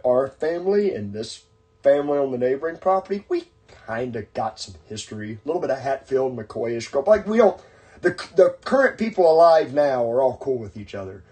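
A man's voice: mid-range voice, animated, fairly quick, mellow. Rambling man telling a long story. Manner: rambling, with many fillers and restarts. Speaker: podcast host. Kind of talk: casual storytelling chat.

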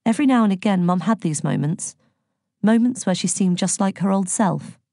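A woman with a mid-range voice narrates a scripted audiobook at normal speed, telling the story in a calm, gentle manner. The recording is dry, with clean studio sound.

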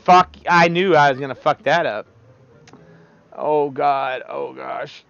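Profane, exasperated man with a gravelly voice. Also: on the high side, slow pace, a bit bright, lo-fi sound. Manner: profane, exasperated, talks to the game. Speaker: let's play streamer. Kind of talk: casual gameplay commentary.

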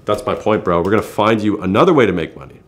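A man's voice: quick pace, roomy sound. A young man giving blunt life advice to the camera, swearing and calling the listener bro. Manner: brash, swearing, calls listener "bro", lively pitch jumps. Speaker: YouTuber giving self-improvement advice. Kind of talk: casual direct-to-camera advice monologue.

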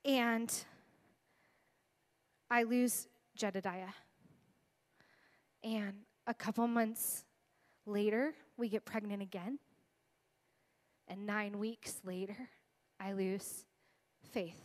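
A woman's voice: mid-range voice, steady tone, takes it slowly, pauses often. A woman in her thirties giving an earnest, emotional testimony as a guest speaker in a sermon. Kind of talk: sermon storytelling.

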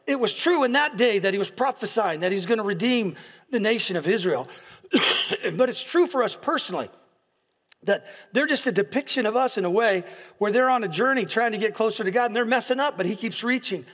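A pastor preaching a sermon in a large church hall, telling stories with restarts and repeated words and building to impassioned peaks. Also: male voice, sits high, a bit bright, breathy edge. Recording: long hall reverb.

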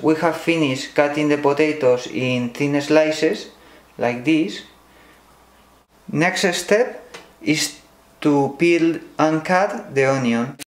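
Slow Spanish-accented man teaching a recipe. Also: fairly high pitch. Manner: slow, careful, non-native phrasing with fillers. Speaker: cooking channel host. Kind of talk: step-by-step cooking demonstration. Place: home kitchen. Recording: echoey kitchen with sizzling pan.

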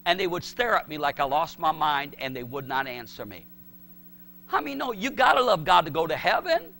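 A man's voice: fairly high pitch, sing-song, fairly quick, creaky, pushed and bright. A male pastor preaching a sermon, emphatic and repetitive, acting out the voices he quotes.

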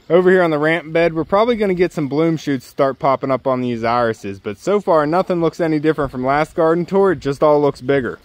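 Easygoing man, higher voice. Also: a little fast, few pauses. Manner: easygoing, chatty, jokes and breaks off to talk to his dogs. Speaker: homesteader showing his garden. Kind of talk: casual walking garden tour. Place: outdoors in a yard garden.

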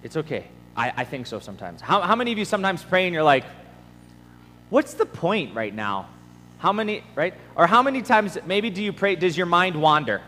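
Young man, high voice, casual youth sermon, self-mocking, acts out prayers, reverberant hall. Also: big pitch swings, quick pace, few pauses, pushed and bright, a little hiss or hum. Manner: self-deprecating, acts out his own prayers in funny voices. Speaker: camp speaker. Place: camp meeting hall.

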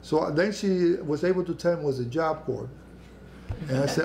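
Older man with a gravelly voice. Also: on the high side, crowd noise. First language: Spanish. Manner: halting, many restarts, acts out quoted voices. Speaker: oral history panelist. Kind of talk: personal storytelling.

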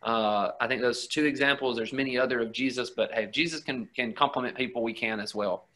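Bright-voiced young male minister. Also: mid-range voice, a little fast. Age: young adult. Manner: earnest, reads scripture aloud with emphasis. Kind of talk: conversational Bible lesson.

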